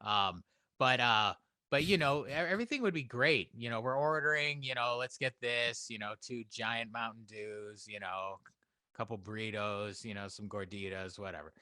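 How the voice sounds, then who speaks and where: A man guest on a podcast, telling stories in casual chat and acting out quotes in lively voices. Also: on the low side, moderate pace, no room sound, clean studio sound. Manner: storytelling, acts out quotes with animated shifts.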